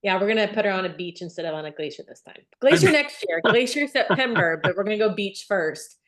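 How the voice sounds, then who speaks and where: A woman hosting a team video call at a middling pitch. She keeps things brisk and upbeat as she introduces the next speaker. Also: lively intonation.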